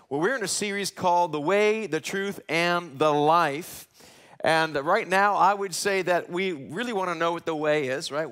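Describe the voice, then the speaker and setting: Pastor guy preaching live in church, high voice, gets loud and excited acting out questions. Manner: animated preaching, acts out quoted questions with rising pitch. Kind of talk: sermon. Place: church sanctuary, live broadcast.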